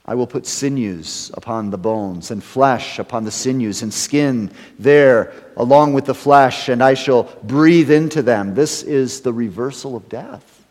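Preaching man in a reverberant hall. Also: medium pitch. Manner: measured preaching, trailing off at phrase ends, rising loud for emphasis. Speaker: pastor. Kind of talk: sermon.

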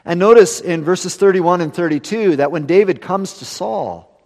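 A man preaching a sermon earnestly, building to emphatic lines and then dropping to a hushed close. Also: high-pitched, moderate pace, big-room sound.

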